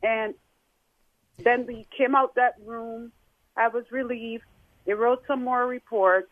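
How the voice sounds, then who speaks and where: A woman calling in and recounting her experience in an emotional, halting way. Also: fairly high pitch, fairly even intonation, no echo. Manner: tearful, halting. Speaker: caller. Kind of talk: emotional phone-in account. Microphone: telephone. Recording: tinny phone line.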